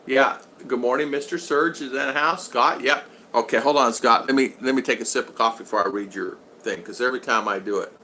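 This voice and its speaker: A man's voice: medium pitch, fairly quick, hardly any pauses, sharp tone, a little hiss or hum. An older man hosting a casual live-stream vlog, rambling along and reading out viewer comments. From United States. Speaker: vlog host.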